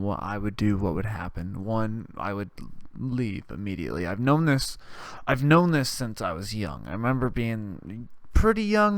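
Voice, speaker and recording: A young man hosting a podcast, telling rambling, profane stories in a casual monologue with lively voiced retellings. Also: medium pitch, clear, resonant tone, no echo, studio quality. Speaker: podcast host.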